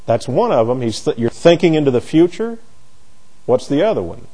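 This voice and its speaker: A middle-aged man teaching a Bible class in a warm, mellow voice that sits a little high for a man. He talks in halting bursts, restarting and repeating words as he searches for the right phrasing. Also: big pitch swings, slightly rough.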